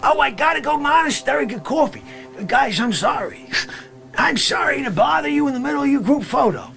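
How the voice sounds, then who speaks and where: A man voicing a brash, grumbling middle-aged guy from the Bronx, rambling complaints and bursting into shouts. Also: extremely high pitch, expressive, fairly quick, vocal fry, voice pushed up, exaggerated voice. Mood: shouting. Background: music.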